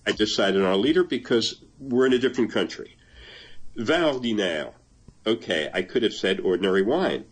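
The guest, an older male translator of a memoir, talks thoughtfully in a relaxed interview, reading excerpts aloud and laughing now and then. He speaks at normal speed in a fairly low, animated, slightly rough voice.

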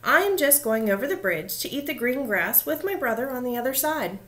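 A woman doing a bright, middle billy goat. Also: high voice, lively intonation, moderate pace, echoey room, pitched above the performer's own voice. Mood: eager. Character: middle-sized male billy goat, hopeful. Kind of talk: storybook reading.

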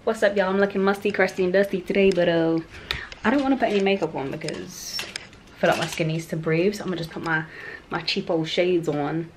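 A woman's voice: on the low side, brisk, a little hiss or hum, rough recording. A young woman with a London accent vlogging casually on a city street, chatty and slangy, laughing often. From London, England. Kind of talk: casual vlog chat.

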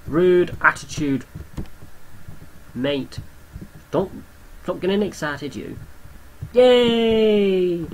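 A man's voice: a little high, slow, pauses often, a bit bright, a little hiss or hum, rough recording. A young man giving casual gameplay commentary, chatting to the creatures on screen and swearing offhandedly. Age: young adult.

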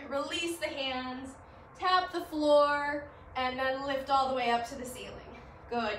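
A woman fitness instructor guiding a gentle home workout, upbeat and encouraging, a little winded, recorded in her living room. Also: high-pitched, slight background noise. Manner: upbeat, encouraging, laughs at herself. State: slightly winded. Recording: echoey room, mic at a distance.

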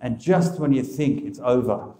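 A man's voice: mid-range voice, moderate pace, noisy background. Emphatic male Catholic speaker, echoey room. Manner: emphatic, rhetorical questions. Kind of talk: religious teaching talk.

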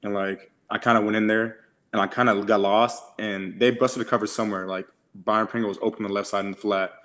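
A young man in his twenties with a lowish voice co-hosts a casual podcast. He rattles through stories quickly in a flat tone, slangy and profane, leaning on "like" constantly. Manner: slangy, profane storytelling with many "like"s. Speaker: podcast co-host. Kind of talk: casual chat.

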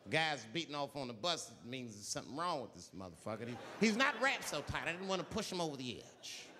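Animated man doing stand-up in a hall. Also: on the high side. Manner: animated storytelling, acting out crowd voices. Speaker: stand-up comedian. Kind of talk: stand-up comedy. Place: theater stage. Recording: live theater with long reverb and audience noise. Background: audience laughter.

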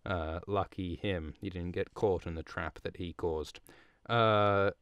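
A man with a lowish, smooth and resonant voice recaps a book in a loose, rambling way. He swears freely and drops chuckling asides. The sound is dry and close to the mic. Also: steady tone, slow, fairly bright tone, no echo, highs cut off. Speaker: podcast host.

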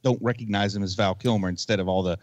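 A man's voice: fairly low pitch, steady tone, fast, no echo, lo-fi sound. A man co-hosting a podcast, casually picking apart a movie with rambling, critical remarks. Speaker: podcast co-host. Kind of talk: casual movie review chat.

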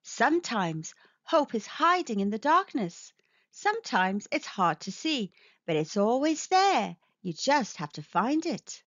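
A patient, loving mother mole in a storybook, as a woman reader puts her on, speaking softly and unhurriedly and sometimes dropping to a whisper. Her voice sits high and is lively, and the sound is dull and lo-fi. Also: no room sound, exaggerated voice. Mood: gentle. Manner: soft, slow and soothing, sometimes whispered.

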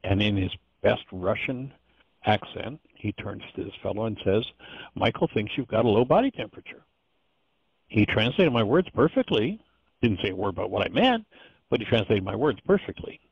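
Male course teacher, husky and gravelly, earnest and digressive delivery; dull lo-fi call sound. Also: lowish voice, sing-song, moderate pace, dry recording. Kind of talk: informal course lecture.

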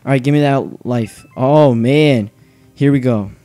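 Young male let's-player, unhurried, anxious self-mocking banter with yelled outbursts; dry room, soft game music. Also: medium pitch, no echo. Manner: nervous, self-mocking, bursts into yelling. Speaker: gaming channel host. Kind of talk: excited let's play commentary.

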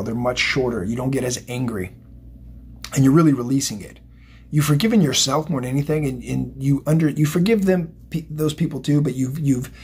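A man's voice: medium pitch, a little mellow, a little hiss or hum. A man giving a psychic tarot reading, emotional and motivational, rambling and repeating himself. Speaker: tarot reader.

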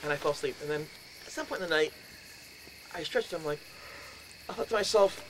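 A man in his fifties telling a ghost story to an audience, acting out his own voice with shouts and laughs. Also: a little high, fairly quick, pauses often. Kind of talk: animated storytelling lecture. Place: lecture in a house. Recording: noisy room recording.

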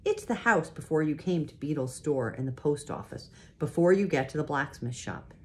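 A woman's voice: deep voice, animated, moderate pace, a little hiss or hum. A woman voicing a bossy, chatty redheaded schoolgirl in a storybook.

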